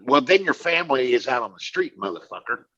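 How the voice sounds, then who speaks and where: A man's voice: medium pitch, big pitch swings, fairly quick, bright, forceful tone. A middle-aged man co-hosting a podcast, talking in a blunt, profane way and often restarting his sentences. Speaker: podcast co-host. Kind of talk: casual chat. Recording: slightly dull lo-fi sound.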